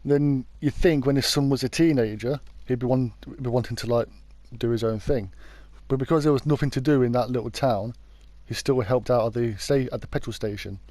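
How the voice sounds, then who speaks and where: Chatty British man, mellow voice. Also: mid-range voice, fairly even intonation, fairly quick, few pauses, no room sound. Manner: chatty, informal, often backtracks to correct himself. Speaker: YouTube true crime host. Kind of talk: casual storytelling narration.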